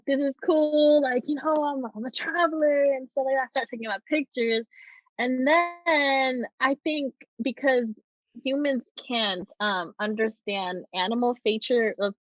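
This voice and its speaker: A young woman with a high, bright-pitched voice tells a travel story as a podcast guest, animated and quick to laugh, acting out the people in it. The sound is dry and a little dull and lo-fi. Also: dry recording. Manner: animated, laughs often, acts out quotes. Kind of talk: casual storytelling.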